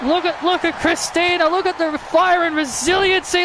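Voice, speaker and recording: A man calling a video game wrestling match as excited play-by-play commentary, often shouting and stumbling over his words. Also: extremely high pitch, normal speed, few pauses, slight background noise. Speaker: wrestling commentator and channel host.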